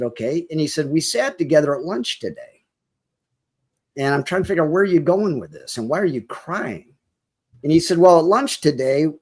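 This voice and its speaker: A man telling a personal story as a podcast guest, acting out the quoted dialogue vividly and getting close to tears at moments. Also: fairly high pitch.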